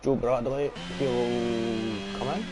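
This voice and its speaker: A man's voice: mid-range voice, slow pace, over music. A young Scottish man giving casual, swearing live commentary on a sim racing league stream and chatting with viewers. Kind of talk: live esports race commentary.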